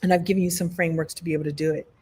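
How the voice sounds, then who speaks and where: A middle-aged woman hosting a live online session as a story coach, talking to viewers in a playful, animated way and laughing often. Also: lowish voice, rapid-fire, slightly rough. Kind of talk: live-stream talk to viewers.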